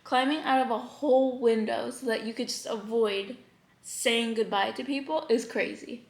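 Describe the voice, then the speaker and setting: A young woman hosts a casual eating vlog, talking in a bubbly, chatty way and laughing often. Her voice sits a little high, and the room around her is noticeably echoey. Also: fairly even intonation, moderate pace, gravelly. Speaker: YouTuber. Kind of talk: mukbang vlog chat.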